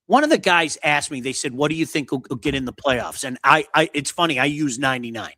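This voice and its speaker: A man with a bright, forceful voice hosts a sports talk show. He talks bluntly and gets animated, and his voice sounds close and dry, with no room behind it. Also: fairly high pitch, fast, no echo. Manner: blunt, animated, reads viewer comments.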